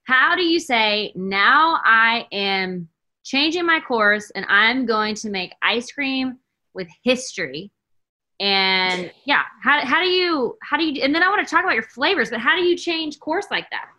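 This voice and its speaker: A woman's voice: sits high, sing-song, moderate pace, sharp tone. A woman hosting a casual interview, asking eager, curious questions.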